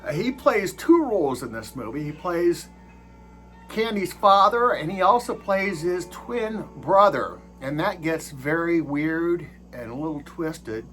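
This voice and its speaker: A man casually reviews a film, hesitant and leaning on filler sounds as he goes. His slow delivery rises and falls expressively over faint background music. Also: fairly high pitch, expressive, fairly bright tone, poor audio. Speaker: movie reviewer.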